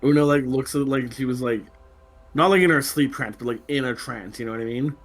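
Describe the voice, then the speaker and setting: A man running a tabletop game, describing what the other players see. He rambles and fills his talk with "like" and "you know", at a middle pitch. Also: fairly quick, faint music behind. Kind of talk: tabletop role-play narration.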